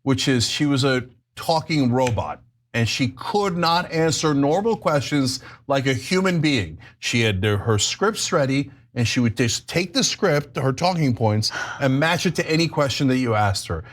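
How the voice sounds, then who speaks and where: A man's voice: mid-range voice, animated, normal speed. A middle-aged man co-hosting a political talk show, heated and mocking, slipping into silly voices to quote others. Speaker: show co-host.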